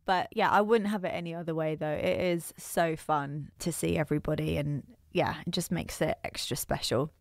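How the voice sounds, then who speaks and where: A young adult woman co-hosting a podcast, bubbly and expressive, giggling through her stories. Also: deep voice, normal speed, hardly any pauses. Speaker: podcast co-host. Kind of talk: casual chat.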